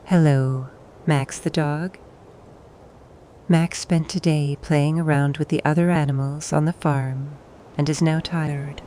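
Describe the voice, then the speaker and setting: Slow, soft-spoken woman reading bedtime stories. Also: sits low, fairly even intonation, slight background noise. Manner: soft and soothing, pausing for the child to answer. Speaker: bedtime story narrator. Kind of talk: gentle bedtime storytelling for toddlers.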